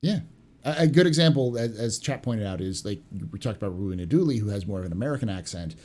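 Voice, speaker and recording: A man hosting a casual podcast, reading out audience questions and explaining things in a measured way. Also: on the low side, animated, darkish tone. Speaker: podcast host.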